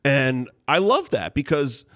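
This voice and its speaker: A man in casual chat as a podcast guest, telling animated stories and acting out his own reactions. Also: mid-range voice, a little slow, a little hiss or hum.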